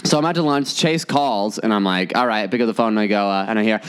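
A young man telling a story in casual chat, profane and animated, acting out other people's voices. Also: fairly low pitch, fast, clear, resonant tone.

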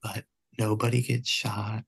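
Gravelly-voiced man telling a story. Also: fairly low pitch, level tone, a bit bright. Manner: earnest, measured storytelling with many restarts. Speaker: podcast guest. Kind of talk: storytelling in conversation.

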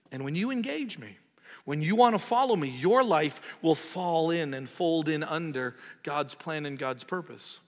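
A man preaching a sermon with passion. He swells loud on emphatic lines, then drops low and quiet. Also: lively intonation, unhurried. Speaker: pastor. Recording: long hall reverb.

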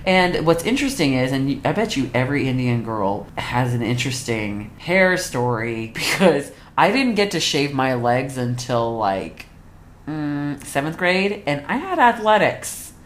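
A woman co-hosts a podcast in a low, grounded voice. She relates anecdotes in a loose, chatty way. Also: big pitch swings, unhurried, a little hiss or hum. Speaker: podcast co-host. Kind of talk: casual chat.

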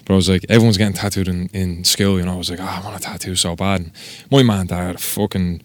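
Dublin tattoo artist, lowish voice, dry close studio sound, swears freely, animated anecdotes. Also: male voice, fast, no echo. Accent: Dublin Irish. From Ireland. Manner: sweary, animated storyteller acting out quotes. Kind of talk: casual podcast chat.

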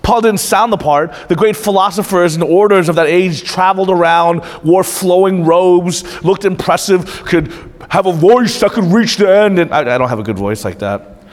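Higher-voiced man preaching in a hall. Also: moderate pace. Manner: conversational preaching, swings from lively asides to hushed intensity. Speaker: pastor. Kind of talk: sermon. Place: church hall. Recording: long reverb of a hall.

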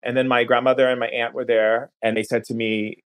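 A man who is a podcast guest, recounting a personal story in an earnest, unhurried way and often slowing down to linger on words. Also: medium pitch, little pitch movement, fairly bright tone, clear, resonant tone.

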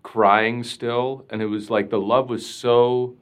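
A priest being interviewed, telling a personal story in an earnest, reflective way, full of casual fillers. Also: male voice, medium pitch, little pitch movement, takes it slowly.

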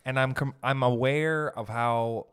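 A man's voice: mid-range voice, steady tone, a little slow, fairly bright tone, clear, resonant tone. A man hosting a podcast in casual chat, jokey and rambling as he thinks aloud. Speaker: podcast host.

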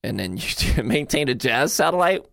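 A man's voice: medium pitch, very animated, creaky, a bit bright, no room sound. A man hosting a radio-industry podcast in a studio, brash and joking as he runs through his guest's career. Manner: brash, joking, quick to swear. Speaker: podcast host. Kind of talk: casual chat.

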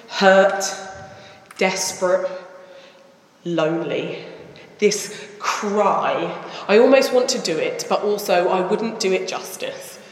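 Woman preacher, slow delivery, reflective and earnest, echoey church hall, long reverb. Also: medium pitch. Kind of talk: sermon.

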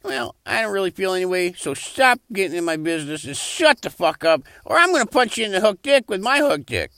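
A man's voice: high-pitched, sing-song, fairly quick, vocal fry, fairly bright tone, no room sound. Young man, comedy podcast co-host, rambling and vulgar, very dry recording. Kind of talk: crude comedy banter.

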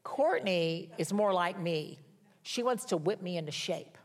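Older woman preaching, lowish voice. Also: animated, measured pace. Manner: conversational, folksy storytelling with wry humor. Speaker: pastor. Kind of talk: sermon.

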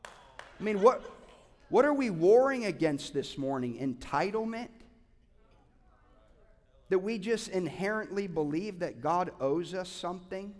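High-voiced preaching man in a reverberant hall. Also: lively intonation, unhurried, long pauses. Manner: impassioned preaching, swings from loud urging to quiet asides. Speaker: pastor. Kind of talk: sermon. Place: church sanctuary.

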